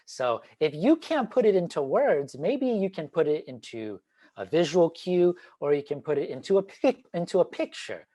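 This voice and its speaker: A man giving an online talk on teaching, animated and demonstrative, swinging between loud and quiet. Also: fairly high pitch, normal speed. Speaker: teacher trainer. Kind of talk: online presentation. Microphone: video call.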